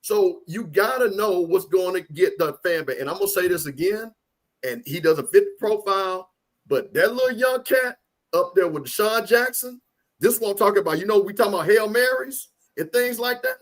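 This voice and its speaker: High-voiced blunt sports co-host. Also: male voice, animated, moderate pace. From Louisiana. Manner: blunt, opinionated, repeats points for emphasis. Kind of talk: casual sports talk.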